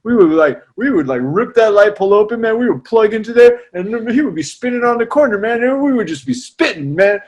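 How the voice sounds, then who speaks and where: A man who teaches music, telling stories in a casual chat, animated and slangy, often tacking "man" onto his lines. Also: high voice, a little fast, hardly any pauses. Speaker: music teacher and salsa trumpet player.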